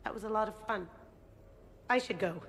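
Brief: actress as a playful deadpan thief, reverberant sound, game dialogue. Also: female voice, mid-range voice, moderate pace, natural voice. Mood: wry. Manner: deadpan humor. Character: playful young female thief, wry. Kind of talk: video game voice acting.

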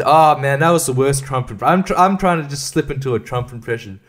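A man's voice: medium pitch, animated, a little fast. A young man hosting a casual solo podcast, rambling and swearing, often laughing at himself. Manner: rambling, profane, self-mocking with frequent laughs. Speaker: podcast host.

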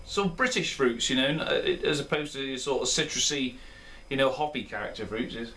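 A man's voice: medium pitch, brisk, pushed and bright, a little hiss or hum. A man hosting his own beer review video, talking in a chatty, rambling and self-deprecating way. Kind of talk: casual chat. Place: indoor room at home.

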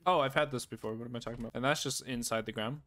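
A man casually commentating his gameplay, excitable, often laughing and yelping at what happens on screen. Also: medium pitch, very fast. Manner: excitable, laughs and yelps at the game. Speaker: gaming YouTuber.

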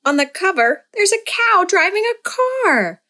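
A woman's voice: very high-pitched, very animated, measured pace, pushed and bright. A woman hosting a children's library storytime, playful and sing-song as she reads aloud and leads rhymes.

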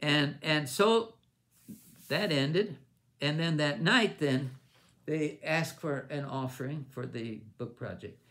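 Gravelly older man telling a ministry story. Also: a little high, takes it slowly, fairly bright tone, a little hiss or hum. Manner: rambling with restarts, acts out others' lines in raised voice. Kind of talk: informal storytelling at a missions conference.

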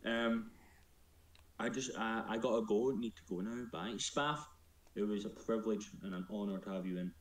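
A man's voice: fairly low pitch, normal speed, roomy sound. A man chatting casually on a live stream, joking and teasing himself. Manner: playful, joking, self-mocking.

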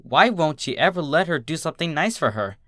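A man reading a dark story aloud in first-person narration, with a halting, tense delivery. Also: on the high side, lively intonation, dry recording, studio quality. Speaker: fanfiction reader.

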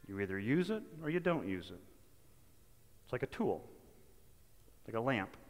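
A man's voice: fairly low pitch, big pitch swings, normal speed, long reverb tail. A male pastor giving a sermon in a conversational, folksy manner, often restarting his phrases. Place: church sanctuary.

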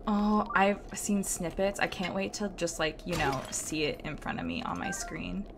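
A woman's voice: fairly low pitch, normal speed, noisy background. A young woman with a Southern US accent, chatting and giggling casually while streaming a game. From Southern United States. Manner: chatty and giggly, lots of "like" fillers. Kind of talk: casual gameplay commentary.

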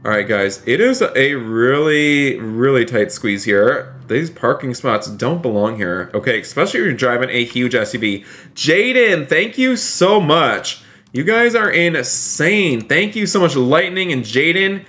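A man streaming a game live, chatting upbeat and effusively and thanking his viewers by name, with sudden excited high exclamations. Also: moderate pace, few pauses.

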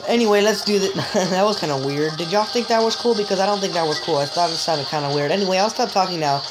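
A woman giving joking, excitable let's-play commentary, chatting straight to viewers and letting out sudden high yelps. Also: fast, very noisy. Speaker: gamer. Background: game music.

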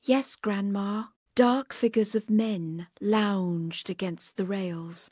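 Slow, breathy woman reading a story. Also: mid-range voice, dark tone, dry recording, clean studio sound. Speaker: audiobook narrator. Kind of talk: scripted audiobook narration.

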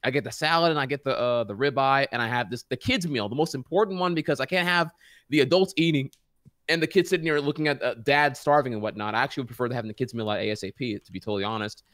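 A man's voice: mid-range voice, fast, fairly bright tone, no echo. A man on a casual podcast, ranting in exasperation and saying dude a lot. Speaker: podcast co-host. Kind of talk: casual chat.

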